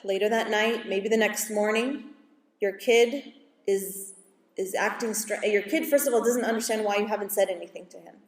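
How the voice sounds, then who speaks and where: A woman school psychologist giving a calm, explanatory parenting talk to an audience, now and then acting out what parents and kids say. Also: medium pitch, normal speed, a little hiss or hum. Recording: echoey hall from far off.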